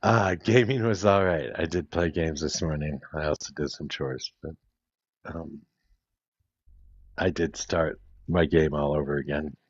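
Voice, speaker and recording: A man's voice: a bass voice, measured pace, slightly rough. A man hosting a casual group audio chat, talking bluntly and swearing now and then. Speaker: host of a live audio panel. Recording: dull lo-fi audio.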